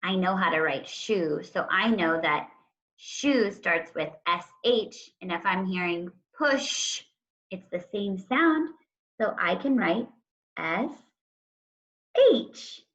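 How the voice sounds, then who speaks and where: A woman teacher talks young children through a writing lesson at an unhurried pace. She speaks deliberately and draws out the sounds of words one at a time. The recording is dull and lo-fi. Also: on the low side, animated, a bit bright. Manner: slow, deliberate, stretching out word sounds.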